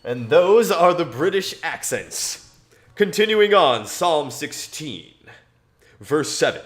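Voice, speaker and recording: Slow rambly guy on a stream, chuckles a lot, reads scripture then chats to himself. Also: a little high, sing-song. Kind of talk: casual live-stream chat with scripture reading.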